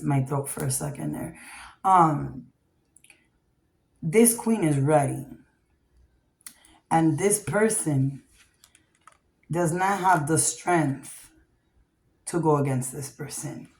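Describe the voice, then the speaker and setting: A woman with a fairly low voice runs a casual tarot reading in a blunt, foul-mouthed way, tagging "okay?" onto her points. The recording is roomy and echoey. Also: gravelly, darkish tone. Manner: blunt, profane, keeps asking "okay?". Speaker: tarot reader. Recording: echoey room.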